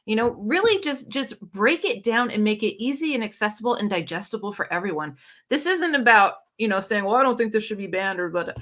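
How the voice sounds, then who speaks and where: A woman's voice: mid-range voice, expressive, fairly quick, fairly bright tone. A woman co-hosting a casual livestream chat, enthusiastic and full of fillers. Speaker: co-host.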